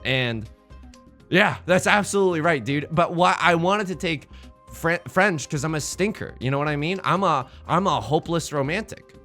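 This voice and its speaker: Lively rambling young man. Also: a little high, moderate pace, soft background music. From United States. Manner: rambling, joking, talks to himself and viewers. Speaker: let's play host. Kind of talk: casual gameplay commentary.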